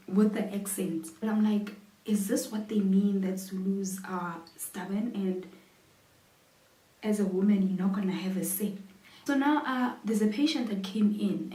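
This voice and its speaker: Woman telling a story, mellow. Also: medium pitch, far from the mic. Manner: expressive, acts out her own reactions. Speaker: vlogger. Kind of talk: chatty storytelling while doing makeup. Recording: roomy echo, voice set back from mic.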